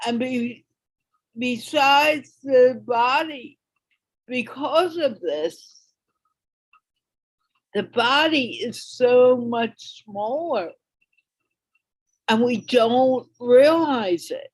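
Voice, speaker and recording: A woman hosting a reflective panel talk, speaking gently as she brings the hour to a close. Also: a little high, lively intonation, very slow, long pauses, slightly rough, no room sound, low-quality recording. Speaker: host.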